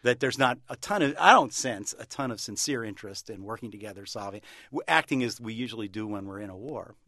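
A man being interviewed on radio about his book, joking wryly and deadpan, with halting restarts. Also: on the low side, no room sound, clean studio sound. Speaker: author guest.

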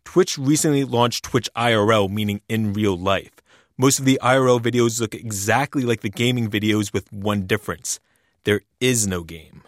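A man voices a radio news feature from a studio mic, reading his script in a measured, even way. The sound is close and dry, with no room in it. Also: on the low side, no echo.

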